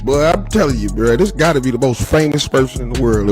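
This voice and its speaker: A man's voice: mid-range voice, lively intonation, quick pace, over music. A man hosting a reaction video, giving profane, emphatic commentary full of slang. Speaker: reaction channel host.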